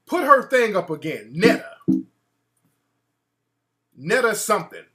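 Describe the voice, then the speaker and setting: A man hosting a talk show, ranting in an animated, mocking way and putting on voices to quote people. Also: high voice, a little slow, faint music behind. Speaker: show host. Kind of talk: casual talk-show rant.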